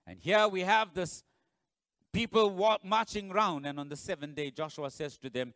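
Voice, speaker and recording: A male pastor preaches with a bright, ringing voice that sits a little high. He tells the story with drama, swinging from loud bursts to low, hushed lines. The sound is close and dry. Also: moderate pace, no room sound. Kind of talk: sermon.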